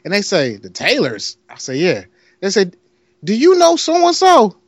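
A man with a Detroit accent and a notably high voice tells a rambling story. He plays the other voices as he goes, and the sound is dry and close. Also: unhurried, no echo. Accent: Detroit, Michigan. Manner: animated storyteller, acts out other voices, laughs often. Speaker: podcast co-host telling a story. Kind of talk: casual storytelling chat.

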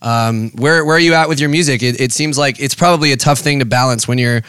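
An upbeat man hosts a casual interview, reacting warmly and asking easygoing questions. His voice is smooth and clear, recorded close and dry. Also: medium pitch, fast, no echo.

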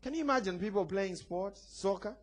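A man's voice: high-pitched, lively intonation, fairly quick. A man preaching a sermon, emphatic and playful, calling on the congregation to respond. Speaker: pastor.

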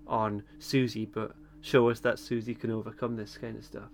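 A man co-hosting a podcast, recapping an episode in relaxed chat, laughing often and pausing with lots of ums. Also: on the low side, a little hiss or hum. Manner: chatty, laughs often, hesitant with many ums. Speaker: podcast co-host.

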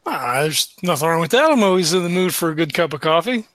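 A man's voice: on the high side, animated, fast talker, fairly bright tone. A man playing a suave, flirty adventurer. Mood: flirtatious.

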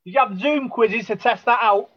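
A man with a high voice runs a casual interview, firing off quick questions and short, upbeat reactions. The recording sounds muffled and lo-fi. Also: a loud crowd. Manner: brief, upbeat prompts.

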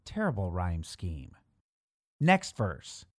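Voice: deep voice, wildly swooping pitch, takes it slowly, no room sound, studio quality. A performer reading old childhood writings aloud as comedy, wry and self-mocking. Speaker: comic reader of childhood writings. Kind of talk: comic reading.

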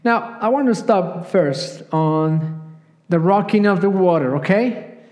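A man preaching a sermon, telling a Bible story in a lively way and acting out the lines of the people in it. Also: sits high, slow. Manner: animated storytelling, acting out the quotes he tells. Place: church sanctuary. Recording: long church hall reverb.

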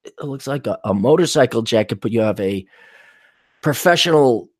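A man's voice: mid-range voice, normal speed, no room sound, clean studio sound. A man hosting a podcast, ranting in a casual, comedic way and swearing often as he tells stories. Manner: profane, animated storytelling with quoted voices. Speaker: podcast host.

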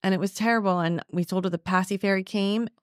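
A woman in her thirties co-hosts a relaxed parenting podcast. She tells her stories in a quick, animated rush and laughs as she goes. Her voice sits at a middle pitch on a dry, close microphone. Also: no echo. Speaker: podcast co-host. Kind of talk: casual chat.

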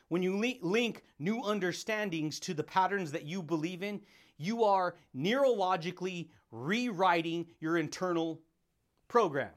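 A fired-up man with a high voice delivers a motivational podcast monologue. He laughs often between points and keeps calling his listeners buddy, dude and baby.

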